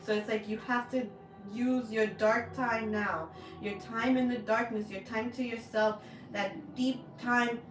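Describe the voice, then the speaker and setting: A woman hosting a spiritual tarot reading, speaking slowly and with open emotion. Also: on the high side, fairly even intonation, echoey room, recorded from a distance, background noise. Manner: slow, heartfelt and emotional, with drawn-out words. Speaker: spiritual reader, channel host. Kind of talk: tarot energy reading, personal sharing.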